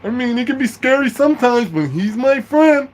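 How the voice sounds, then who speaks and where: A man voicing his gentle, simple-minded male inmate friend, speaking in a high, earnest, drawn-out plea. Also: animated. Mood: pleading.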